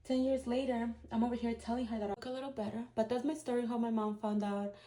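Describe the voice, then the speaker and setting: A woman's voice: on the high side, fairly even intonation, quick pace, dark tone. Woman in her thirties telling a story. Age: 30s. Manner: heartfelt, emotional, conversational. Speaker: vlogger, single mom. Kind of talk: candid personal storytelling. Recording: roomy echo.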